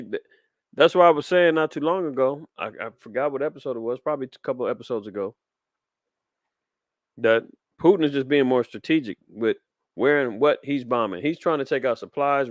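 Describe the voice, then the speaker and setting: A man's voice: medium pitch, no room sound. A man, preaching fiery commentary on the news in street slang. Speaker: podcast host.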